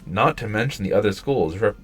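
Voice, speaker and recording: A firm, businesslike schoolgirl treasurer, exasperated by her clubmates, read by a man in nearly his own voice. The tone is low and husky with lively pitch. She keeps things precise and stern. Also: fairly quick, faint music behind. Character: strict, serious schoolgirl treasurer.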